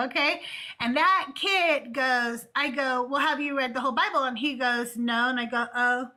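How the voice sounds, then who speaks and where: High, bright-voiced woman telling stories. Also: moderate pace. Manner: animated, profane, retells arguments in quotes. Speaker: host of call-in show. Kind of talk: casual storytelling chat. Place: home with cats playing.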